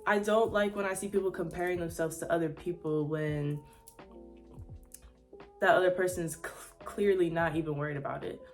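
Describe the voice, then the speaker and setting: A young woman talks straight to camera while she gets ready, loose and candid, with "like" all through her speech. Her voice sits a little low for a woman, and she drops in sassy asides. Soft music plays faintly underneath. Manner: chatty and candid, lots of "like" fillers, sassy asides with "honey". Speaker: vlogger. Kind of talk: casual chat while getting ready.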